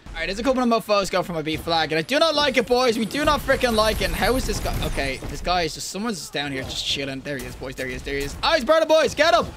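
A young man with a high-pitched voice gives live gameplay commentary. He is excitable and slangy, talking straight to his viewers and breaking into yells and laughs, with faint room sound behind him. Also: very fast, few pauses, background noise. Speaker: gaming video creator.

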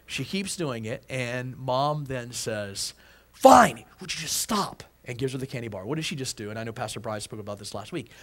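A pastor preaching a sermon, emphatic, repeating phrases and restarting words. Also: male voice, mid-range voice, brisk, hardly any pauses.

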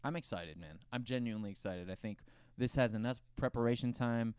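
Man, podcast co-host, casual chat, clear smooth voice, dry close sound. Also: medium pitch, a little fast, a little mellow, no room sound. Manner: upbeat, jokey, asks questions.

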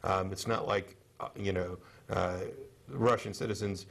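A man co-hosting a studio panel discussion on a cable TV show, speaking in a measured, halting way with many fillers and restarts. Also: sits low, steady tone, vocal fry, fairly bright tone. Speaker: TV show co-host.

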